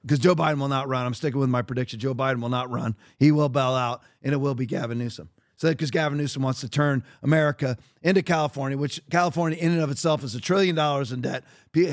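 A man hosting a podcast, giving blunt, emphatic political commentary in a rambling way with frequent restarts. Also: a little high. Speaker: podcast host.

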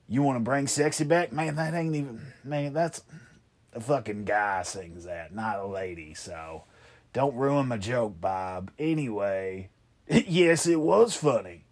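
A man hosting a comedy show, rambling and trading deadpan, profane insults in a one-sided phone call. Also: mid-range voice.

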